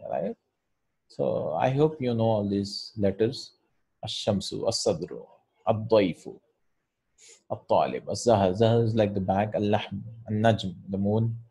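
A man's voice: fairly low pitch, dark tone, breathy edge. A man teaching an Arabic grammar lesson in English, informal, repeating words and often checking with "right?". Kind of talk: casual online lesson.

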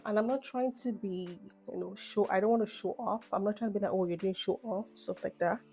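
Young woman, Nigerian accent, rambling casual vlog chat, mellow voice, soft music behind. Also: mid-range voice, brisk. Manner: chatty, rambling, animated asides. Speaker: vlogger. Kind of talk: casual get-to-know-me chat.

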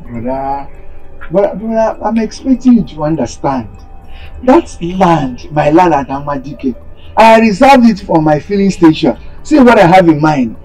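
A man's voice: animated, a little slow, faint music behind, rough recording. A man with a Nigerian accent playing a greedy younger brother who keeps pleading for his elder brother's land. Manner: wheedling, repeats "brother" with sharp pitch swings. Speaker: scheming younger brother, chief.

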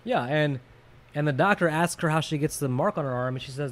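A man's voice: a little high, a little fast, fairly bright tone, slight background noise. A man co-hosting a casual movie podcast, chatty and jokey, often trailing off with fillers. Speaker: podcast co-host.

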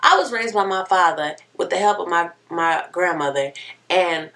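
A young woman tells a personal story straight to her camera, candid and expressive. Her pitch swings up and down a lot and her tone is bright. She sits a little way back from the mic indoors. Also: moderate pace, far from the mic. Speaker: vlogger. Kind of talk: casual storytelling.

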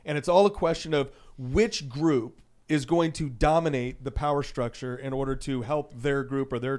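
Guy guest on a politics show, talks fast, kinda earnest and argumentative. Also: on the high side, darkish tone. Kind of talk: casual political panel talk.

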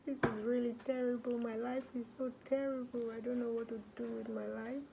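A woman's voice: a little high, level tone, brisk, gravelly, noisy background. A young woman playing a hopeless fourteen-year-old girl in a group home, bitter and pleading, in a student role-play scene. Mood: despairing. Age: young adult.

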